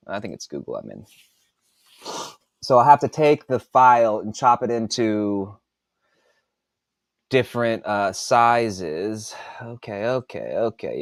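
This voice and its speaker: Brief: man, 40s, low voice, loose muttering stream host, dry close sound. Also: expressive, slow, pauses often, no echo. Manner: rambling, mutters to himself while working on a computer, swears freely. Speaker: author and podcast host. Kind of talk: casual live-stream chat while working.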